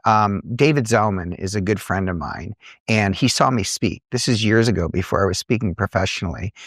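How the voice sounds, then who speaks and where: A middle-aged man, an entrepreneur and coach, telling earnest, animated stories in a podcast conversation. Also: lowish voice, no room sound, studio quality. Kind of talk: conversational storytelling.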